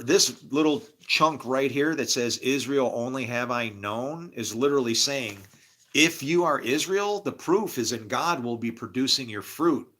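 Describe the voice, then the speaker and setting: A man's voice: medium pitch, pushed and bright. A middle-aged man rambling grumpily about faith and his day, preaching and laughing at himself. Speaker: vlogger. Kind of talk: rambling monologue.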